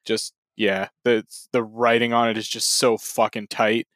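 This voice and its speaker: A man's voice: on the low side, level tone, a little slow, fairly bright tone, dry recording, studio quality. A young man hosting a casual podcast, easygoing and laughing often as he runs the segments. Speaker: podcast host.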